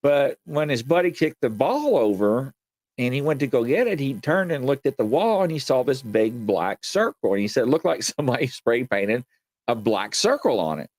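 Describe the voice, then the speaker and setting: A man hosts a casual live show and spins eerie stories. His pitch swings widely as he acts out the voices of the people in his tales. The sound is close and dry. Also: normal speed, no room sound. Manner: animated storyteller, acts out quoted voices, many fillers. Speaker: show host. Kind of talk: casual live-stream storytelling.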